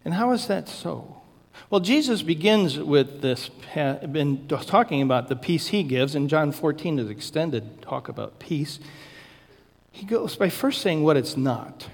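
A male pastor delivers a sermon in a church sanctuary, his voice a little higher than most men's. He lists things slowly and deliberately, leaning on key words, and a long reverb trails behind him. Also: expressive. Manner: slow, deliberate listing with emphatic stresses.

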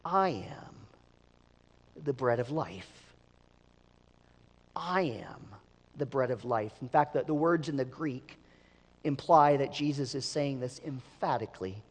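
A man's voice: medium pitch, animated, slow pace, pauses often. A man preaching a sermon as pastor, emphatic, sometimes repeating words as he restarts. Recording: long reverb of a large hall.

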